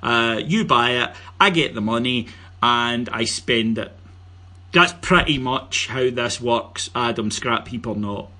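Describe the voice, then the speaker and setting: A man's voice: mid-range voice, slow, pushed and bright. A Scottish man hosting a casual football podcast, joking and teasing his guests while plugging the show. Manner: jokey, teasing, plugs the show. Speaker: podcast host.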